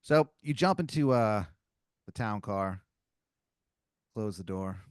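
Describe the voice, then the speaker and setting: A man's voice: lowish voice, lively intonation, slow pace, clean tone, no room sound, clean studio sound. A man hosting a comedy podcast who improvises a second-person story, rambling through many fillers. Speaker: podcast host telling an improvised scenario.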